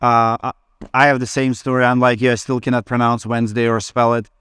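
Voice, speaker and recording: Brief: host, man, English, hesitant, smooth and dry voice. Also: medium pitch, flat delivery, fairly quick, a bit bright, dry recording. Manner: hesitant, with fillers and non-native grammar. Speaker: conference host asking a question. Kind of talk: questions on stage.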